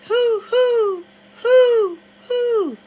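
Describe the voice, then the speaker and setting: A woman voicing an excitable runaway man who hollers and hoots in dialect. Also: fairly high pitch, measured pace, husky, dull audio, voice pushed up, heavily acted. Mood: hollering wild. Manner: loud, hollering, dialect speech.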